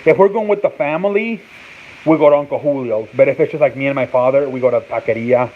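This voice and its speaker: A man's voice: mid-range voice, fast. A man hosting a sports talk show in casual live-stream chat, rambling and swearing and sounding words out over and over. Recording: tinny phone-like sound with faint noise.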